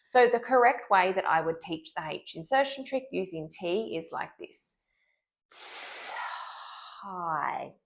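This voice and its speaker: A woman speech-language pathologist talks through a therapy technique in an instructional video. Her voice sits on the low side, and she draws sounds out slowly and deliberately to demonstrate them. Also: expressive. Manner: clear, deliberate modeling of speech sounds, drawn-out sounds.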